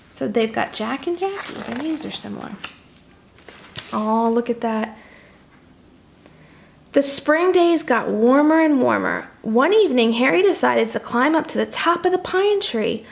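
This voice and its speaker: Read this like you're a young woman sharing a storybook with kids: keep your voice high, let a little gravel sit in it, and break off now and then to chat with them. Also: measured pace, slight background noise. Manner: animated, chatty asides to young listeners. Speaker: children's storybook reader. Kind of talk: reading a picture book aloud to kids.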